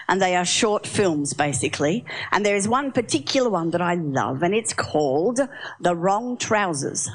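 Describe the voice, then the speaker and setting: Lively woman preaching. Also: medium pitch. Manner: lively storyteller, asks the audience questions. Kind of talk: sermon with storytelling.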